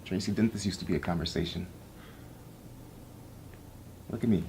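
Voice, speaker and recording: A man's voice: deep voice, moderate pace, darkish tone. A young acting student playing an exasperated young man who pleads with his moody girlfriend in a stage scene. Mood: coaxing. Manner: flustered, pleading, wry. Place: classroom stage. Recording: noisy room ambience.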